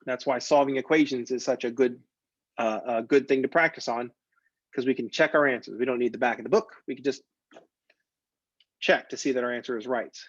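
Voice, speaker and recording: A male math instructor teaches a recorded lecture in a casual, digressive way, joking as he goes. His voice sits in a middle pitch. The recording is dry and a little dull, with no room sound. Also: brisk, no echo. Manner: conversational, digressive, jokey.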